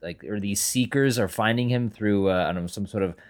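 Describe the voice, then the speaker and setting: Man, low-pitched co-host, casual and halting film talk. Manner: musing, hesitant, many fillers and repeats. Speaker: podcast co-host. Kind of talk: casual film review chat.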